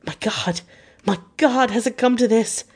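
A woman's voice: mid-range voice, moderate pace, a little mellow, lightly acted. A woman reader voicing a panicked young husband who cries out in pleading, breathless bursts. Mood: frantic.

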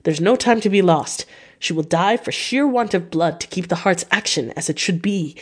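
A woman reading the lines of a grave, kindly old male professor, speaking slowly and formally in a storybook reading. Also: lowish voice, slightly rough. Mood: urgent.

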